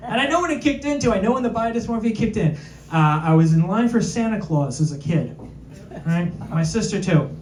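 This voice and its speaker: A male stand-up comedian doing a self-deprecating set, tossing quick asides to the crowd. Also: high voice, lively intonation, a little mellow. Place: comedy club with live audience. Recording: echoey club, distant mic, crowd noise.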